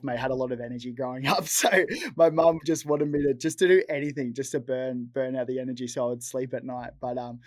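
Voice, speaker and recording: A man's voice: medium pitch, a little mellow, dry recording. A young Australian man in a casual interview, chatty and upbeat, often calling people mate. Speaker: guest, former rugby league player.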